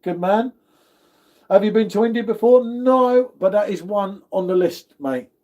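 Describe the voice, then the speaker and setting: A man's voice: high voice, unhurried, darkish tone. A man hosting a casual livestream, reading out viewer comments and greeting viewers in a chatty way, calling everyone "mate". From United Kingdom. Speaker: livestream host.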